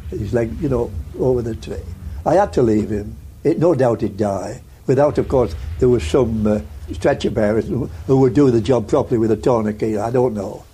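Very dark-voiced older man. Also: mid-range voice, normal speed, slightly rough, poor audio. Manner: rambling, vivid storyteller with repeats. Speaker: war veteran interviewee. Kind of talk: storytelling in an interview.

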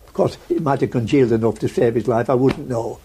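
A man's voice: mid-range voice, quick pace, mellow, slight background noise, low-quality recording. An older man telling his story in a rambling, vivid way with repeats during an interview. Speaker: war veteran interviewee.

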